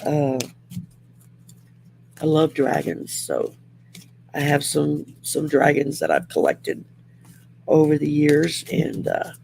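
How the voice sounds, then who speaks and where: A woman's voice: low-pitched, expressive, takes it slowly, gravelly, pauses often, noisy background. A woman with a Southern accent hosting a casual livestream, reading oracle cards in a folksy, rambling way with many fillers. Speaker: host doing oracle card readings. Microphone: home setup by a window.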